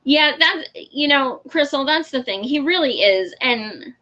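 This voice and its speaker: A woman hosting a casual livestream, talking frankly in a slightly high voice and laughing easily. She swears without a second thought and chats with viewers by name. The sound is dull and lo-fi. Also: expressive, unhurried, sharp tone. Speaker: show host. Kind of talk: casual livestream chat answering viewer comments.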